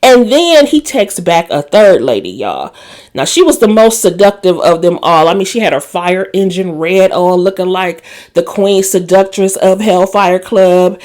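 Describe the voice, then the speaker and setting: Low-pitched and darkish in tone, this woman's voice stays animated and unhurried as she hosts a casual TV drama recap. She tells the episode like gossip, throws asides to viewers, laughs, and performs the quoted lines.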